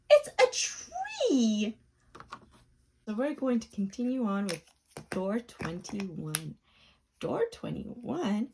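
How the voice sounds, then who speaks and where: A woman hosting a children's video, narrating playfully with gasps and wide-eyed excitement to a young viewer. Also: a little high, noisy background. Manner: gasping, wide-eyed excitement, drops to a soft whisper at times. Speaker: children's educational video host.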